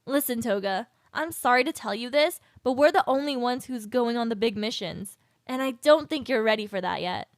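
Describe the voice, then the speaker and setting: A man voicing a calm, menacing young woman who teases in a cool, controlled way. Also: very high voice, moderate pace, dry recording, studio quality, voice pushed up. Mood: calm friendly.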